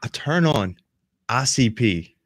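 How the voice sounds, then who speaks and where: A man's voice: medium pitch, expressive, slow pace, slightly rough, dry recording, clean studio sound. Rowdy, swearing man telling stories. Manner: profane, rowdy storytelling. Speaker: podcast host. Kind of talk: casual chat.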